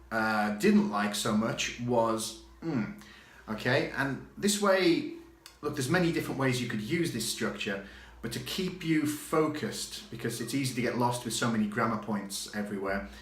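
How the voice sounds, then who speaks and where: A man teaching an English exam grammar lesson from his home study, chatty and repeating example phrases slowly for learners. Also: medium pitch, a bit bright. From Catalonia, living there. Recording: echoey room.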